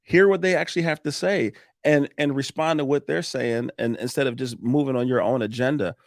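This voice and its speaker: A man talking casually on a podcast, coaching listeners on sales and connecting with customers in an animated way that swings between loud and quiet. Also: mid-range voice, fairly quick, dry recording, clean studio sound. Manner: animated, coaching, laughs often.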